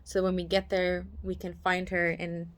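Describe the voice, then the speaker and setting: A woman's voice: on the low side, monotone, moderate pace. A woman, a mother, casually telling a personal story to the camera. She talks in a chatty way, full of "like" fillers, and often acts out the voices of the people she quotes.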